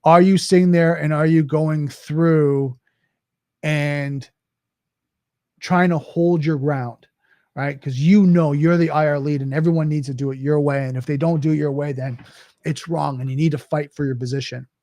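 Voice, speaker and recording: A man's voice: fairly high pitch, fairly even intonation, moderate pace, mellow, no echo. A middle-aged man hosting a solo question-and-answer talk on cybersecurity, speaking conversationally with frequent restarts and tag questions. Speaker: cybersecurity host.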